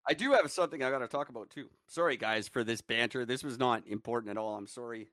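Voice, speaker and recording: A man's voice: mid-range voice, fast, fairly bright tone, dry recording. A man co-hosting a podcast, telling profane, joking stories in casual chat. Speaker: podcast co-host.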